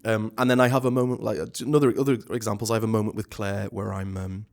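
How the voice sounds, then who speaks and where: A man, a stage actor, talking as a guest in a casual interview, animated and chatty with many restarts. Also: lowish voice, quick pace.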